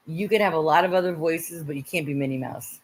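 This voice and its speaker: A woman hosts a casual livestream and talks straight to her viewers. Her voice sits a little low in pitch, and she gets animated, swearing freely and mimicking her critics in mocking tones. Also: moderate pace, slight background noise. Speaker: livestream host.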